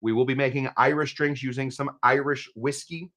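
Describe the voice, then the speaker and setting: A man in mid pitch hosts a live cocktail show and chats loosely to his viewers. He rambles from one topic to the next and stops to read out their comments. His delivery is loose, jokey and unscripted. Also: fairly even intonation, normal speed, fairly bright tone. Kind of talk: casual live-stream chat.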